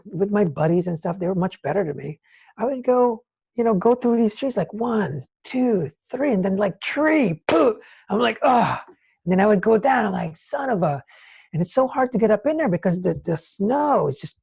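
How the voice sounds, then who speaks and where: A man, a nonprofit founder, talking as an interview guest and acting out scenes in a lively, casual storytelling way. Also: sits high, gravelly, slightly rough, lo-fi sound. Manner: animated, acts out scenes, many "like"s.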